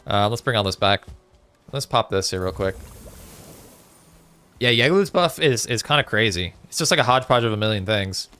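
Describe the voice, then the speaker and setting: A man's voice: lowish voice, animated, normal speed, long pauses, sharp tone, clean tone. A man chatting casually with viewers on a live gaming stream, reading out chat messages with lots of fillers. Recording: faint music behind.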